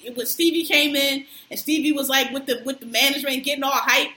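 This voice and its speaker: Woman co-host, high bright voice, animated storyteller, echoey room. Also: fast, hardly any pauses. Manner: animated storyteller, acts out quotes, laughs often. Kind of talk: casual chat. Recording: roomy echo.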